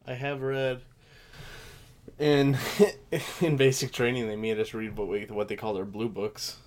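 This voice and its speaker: A man in his twenties co-hosts a casual podcast chat, talking loosely and bluntly and saying "like" constantly. His mid-range voice moves little in pitch, and he takes his time.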